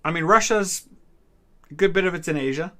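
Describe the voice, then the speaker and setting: Male host, 30s, from the US Midwest, bright tone, relaxed trivia-stream chatter. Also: a little high, fairly quick. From Ohio, US Midwest. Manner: relaxed, answers chat questions with small hesitations. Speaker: history channel host. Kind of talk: casual live-stream trivia chat.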